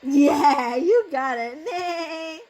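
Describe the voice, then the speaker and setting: A Vietnamese-native mother plays a bedtime game with her toddler, coaxing and playful, laughing often as she switches between two languages at home. Her voice sits high and is expressive and a little slow, and the recording is very noisy.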